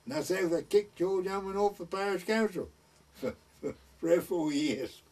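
An older man, a village elder, recalls the past in an oral history, rambling through folksy village stories and acting out the people he quotes. His voice is high with a darkish tone at normal speed, recorded from far off the mic.

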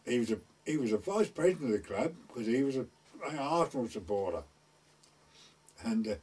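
A man's voice: medium pitch, a little mellow. Rambling old man, far off mic. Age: older. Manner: rambling, folksy, acts out quoted people. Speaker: village elder recalling the past. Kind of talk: oral history storytelling.

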